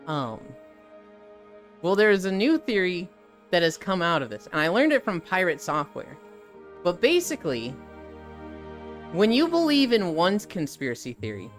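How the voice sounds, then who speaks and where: A live streamer in casual chat who rambles, swears freely, laughs often and answers chat as they go. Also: mid-range voice.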